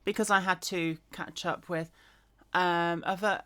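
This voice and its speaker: A woman's voice: on the low side, fairly even intonation, a little slow, sharp tone, clean tone. A woman reading the Bible aloud in a casual way, with chatty asides, fillers and self-corrections. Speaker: reader.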